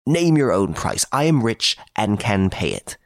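A man voicing an anxious, wealthy old baron who pleads in a shrill, agitated voice in an audiobook. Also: big pitch swings, a little slow, creaky, dry recording, clean studio sound, full character voice. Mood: pleading. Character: anxious rich old male baron, frantic. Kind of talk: audiobook character voice.

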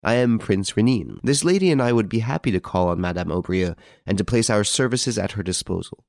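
A suave aristocratic adventurer speaks with cool self-assurance in a low, steady voice, as a male reader gives him his lines. The delivery is dry and close, like a carefully read audiobook. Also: brisk, no echo. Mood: calm assured. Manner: calm, self-assured, smooth. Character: composed, worldly aristocratic gentleman-adventurer.

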